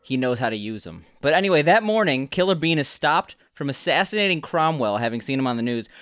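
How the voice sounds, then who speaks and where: A man's voice: medium pitch, very animated, quick pace, fairly bright tone, clean tone, no echo, studio quality. A young man co-hosting a podcast, recapping a movie in casual chat and often repeating words as he starts a sentence. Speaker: podcast co-host.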